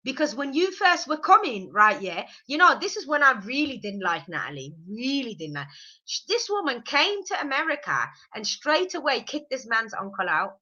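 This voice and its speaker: With a mild cold, a woman casually reviews a reality show, chatty, opinionated, and eager to mock. She has a high voice with large pitch swings and a bright, forceful tone, heard through a muffled recording.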